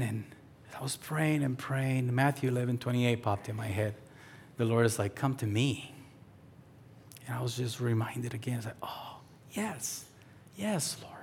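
A man in his thirties preaching a sermon as pastor, telling stories and acting out the voices in them, sometimes dropping to a soft near-whisper. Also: medium pitch, breathy edge. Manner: storytelling, acts out voices in quotes, drops to soft near-whisper.

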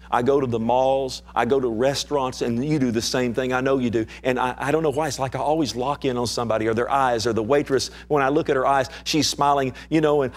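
A middle-aged male pastor preaching a sermon, climbing to fervent pleas and dropping to soft, near-whispered appeals. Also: mid-range voice. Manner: preaching with rising fervor, then dropping to soft pleading.

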